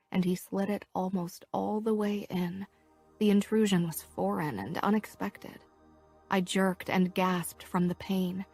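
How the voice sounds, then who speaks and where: Husky low-voiced woman narrating a romance. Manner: soft, half-whispered, unhurried reading. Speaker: audiobook narrator. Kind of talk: first-person romance audiobook narration.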